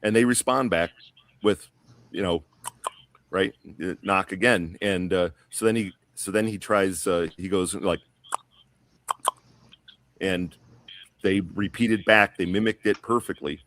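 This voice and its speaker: A man's voice: low-pitched, unhurried, pauses often, fairly bright tone. A man telling a long story on a podcast panel in a casual, rambling way, full of fillers and restarts. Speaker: guest.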